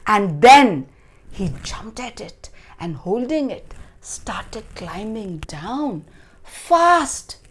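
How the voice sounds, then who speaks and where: Woman reading a kids fairy tale, really slow, big swoopy expressive voice. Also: medium pitch, breathy edge. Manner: expressive, slow, dramatic storybook reading with sound effects. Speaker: storyteller. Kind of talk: children's storytelling.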